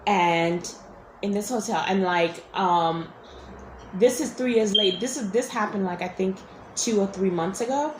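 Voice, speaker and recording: Woman vlogger, rambling storyteller, mid-pitched voice, roomy echo with faint hiss. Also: a little slow. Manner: rambling, full of restarts and asides. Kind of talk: casual storytelling vlog. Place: hotel room.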